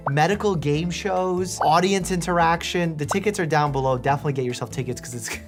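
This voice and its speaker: A man's voice: a little high, fast, music in the background. A man, a doctor hosting a video, casually reacting to memes, reading them aloud and laughing often.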